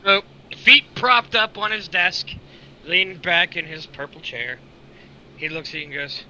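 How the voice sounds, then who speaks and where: Bright-voiced male game master. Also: sits high, measured pace, slight background noise, low-quality recording. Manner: relaxed, swears, laughs often. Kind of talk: casual narration of a tabletop game.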